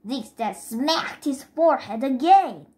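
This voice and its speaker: A woman reading a children's chapter book aloud in careful, steady first-person narration. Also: high-pitched, slow. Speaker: reader.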